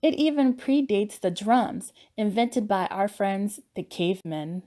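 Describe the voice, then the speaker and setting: A woman narrating a children's lesson on voices, gentle and encouraging. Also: medium pitch, lively intonation, unhurried.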